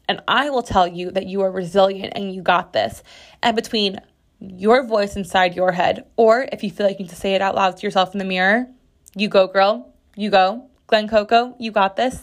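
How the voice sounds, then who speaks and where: Woman podcast host, solo casual chat from her bathroom, frank, expressive, loose with swearing. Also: medium pitch, moderate pace. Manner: candid, expressive, swears freely. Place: bathroom floor.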